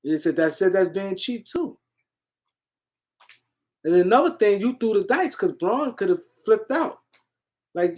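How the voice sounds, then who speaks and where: A man hosting a casual sports livestream, answering comments and shouting out viewers in the chat. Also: sits high, sing-song, a little slow, long pauses. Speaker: livestream host.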